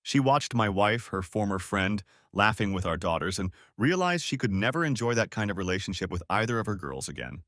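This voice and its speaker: A man narrating a first-person audiobook story in a steady, expressive way. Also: lowish voice, fairly quick, hardly any pauses, no room sound, studio quality.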